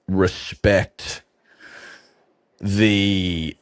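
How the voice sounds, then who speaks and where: A man's voice: deep voice, fairly even intonation, extremely slow, no echo. A man with an Australian accent co-hosting a sports podcast, swearing and joking in casual banter. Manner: sweary, jokey, acts out characters. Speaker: podcast co-host.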